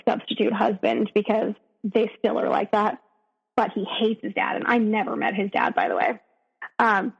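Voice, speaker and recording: A woman's voice: fairly high pitch, vocal fry, husky. Emotional woman telling her story. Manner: emotional, rushed retelling with restarts. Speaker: podcast guest. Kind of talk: personal story in conversation. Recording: lo-fi audio with long reverb.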